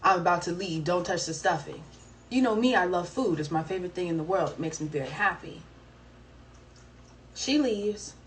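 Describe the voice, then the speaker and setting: Young southern woman, animated storyteller, off-mic, faint hiss. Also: fairly low pitch, normal speed. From American South. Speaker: singer on a livestream. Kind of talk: casual storytelling chat. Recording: distant mic, faint background noise.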